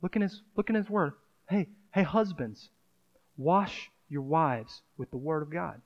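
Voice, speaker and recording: A man's voice: a little high, expressive, measured pace, muffled recording. A man preaching a sermon in a conversational style, breaking into dramatic acted asides. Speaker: pastor.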